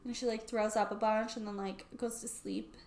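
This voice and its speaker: A woman's voice: on the high side, little pitch movement, moderate pace, a little mellow, reverberant. A young woman recapping a book plot in a casual, sarcastic way, using "like" constantly. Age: young adult. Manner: chatty and sarcastic, heavy use of "like". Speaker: book YouTuber.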